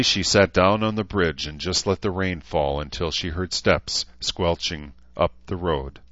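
A man narrating a novel as an audiobook in an even, measured reading. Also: deep voice, no room sound, muffled recording. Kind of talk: scripted narration.

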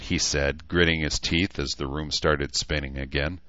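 A man reading an audiobook as narrator with steady, even storytelling. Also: very deep voice, normal speed, dry recording. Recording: dull lo-fi dry recording.

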